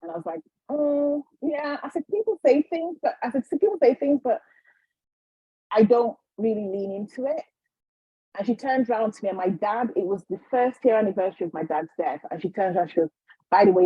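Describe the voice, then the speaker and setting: Woman guest, storyteller who acts out the people she quotes, husky voice, dry slightly dull recording. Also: fairly high pitch, expressive, brisk, no room sound. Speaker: guest, healer and psychic. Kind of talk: storytelling in a casual interview.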